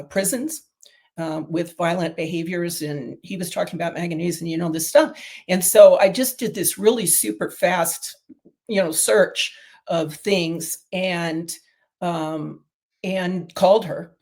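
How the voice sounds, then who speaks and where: A woman's voice: lowish voice, darkish tone. A middle-aged woman, a guest on an interview, telling long stories in casual talk with many fillers and restarts. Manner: rambling, storytelling with many fillers. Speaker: guest, diet protocol developer.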